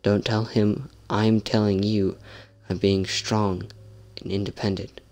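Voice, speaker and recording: A man's voice: lowish voice, level tone, takes it slowly, a little mellow. A young man casually commenting on a horror game he is playing, sarcastic and jumpy, swearing often. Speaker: gameplay streamer.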